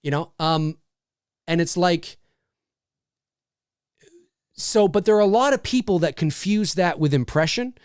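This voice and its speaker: A man hosting a casual livestream, talking in an animated, rambling way with lots of restarts. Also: a little high, unhurried, long pauses, clear, resonant tone, no room sound, studio quality. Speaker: host and voice actor.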